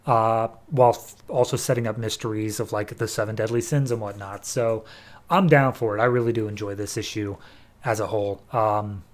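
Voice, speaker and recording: A man hosting a podcast, giving a relaxed, chatty comic book review. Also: on the low side, moderate pace. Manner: relaxed, chatty, frequent fillers.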